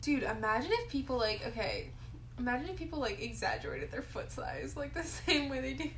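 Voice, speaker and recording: A young woman in casual chat with a friend, sarcastic and quick, calling her friend "dude" over and over. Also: high voice, animated, a little hiss or hum. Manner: sarcastic, says "dude" a lot, quick asides.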